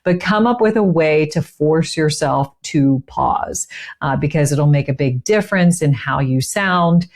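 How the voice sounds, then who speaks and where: A woman's voice: deep voice, darkish tone. A middle-aged woman giving conversational teaching tips, stressing key words as she explains. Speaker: communication coach. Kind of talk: instructional tips to camera.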